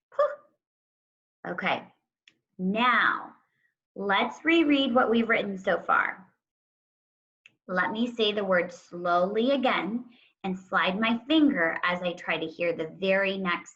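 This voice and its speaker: A woman teacher talks young children through a writing lesson at an unhurried pace. She speaks deliberately and draws out the sounds of words one at a time. The recording is dull and lo-fi. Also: mid-range voice, fairly bright tone. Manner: slow, deliberate, stretching out word sounds.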